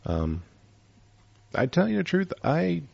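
A man's voice: fairly high pitch, wildly swooping pitch, takes it slowly, vocal fry, a little mellow, slightly rough, lo-fi sound. A man hosting a casual chat, rambling with lots of fillers.

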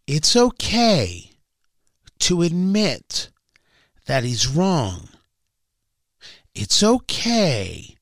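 A man's voice: high voice, fairly bright tone, dry recording, studio quality. A man hosting political talk radio, emphatic and sarcastic, sometimes mocking other voices. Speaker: radio talk show host.

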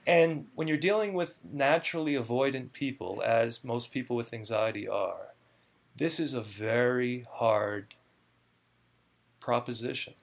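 A man with a gravelly, creaky edge to his voice speaks in a relaxed interview. He explains things earnestly and at length, often stumbling and repeating words before a thought gets going. His pitch sits in an ordinary middle range. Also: unhurried. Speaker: clinical research guest. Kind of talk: conversational interview.

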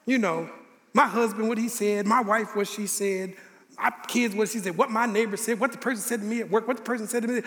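A man preaching a sermon as a pastor, slowing down to repeat key lines with emphasis. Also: high-pitched, animated, bright, forceful tone. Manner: preaching with slow emphatic repetition. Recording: long reverb of a large hall.

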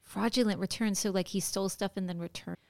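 A woman co-hosting a podcast in casual chat, reacting with quick exclamations and short remarks. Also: mid-range voice, fairly even intonation, vocal fry, no echo, clean studio sound. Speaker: podcast co-host.

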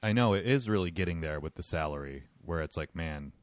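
A man's voice: sits low, lively intonation, a little fast, dry recording. A man co-hosting a podcast in casual chat, wry and teasing. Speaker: podcast co-host.

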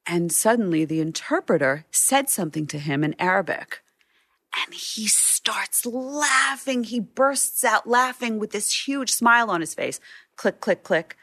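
This middle-aged photojournalist recounts vivid stories from her work as an interview guest. Her medium-pitched voice is lively in intonation, a little slow and a bit bright. The recording has no room sound.

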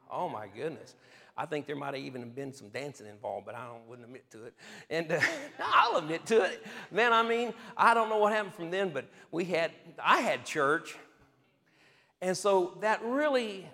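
A man preaching as a pastor, telling his own story in a lively way and often chuckling. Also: a little high, in a large hall. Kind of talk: testimony-style sermon storytelling.

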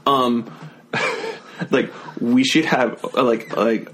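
A man's voice: mid-range voice, very slow, a bit bright, a little hiss or hum. A man guesting on a podcast, telling a story in casual chat with lots of restarts and self-deprecating asides.

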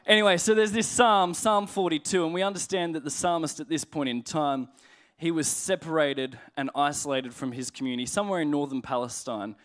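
A man preaching a sermon in a conversational, humorous way, slowing down to read scripture aloud. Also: a little high, fairly bright tone. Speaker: pastor.

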